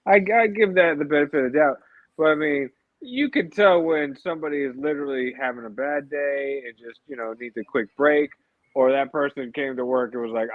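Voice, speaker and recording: A man's voice: medium pitch, fairly quick, dry recording. Man on a tinny, dry call line. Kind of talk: casual livestream chat.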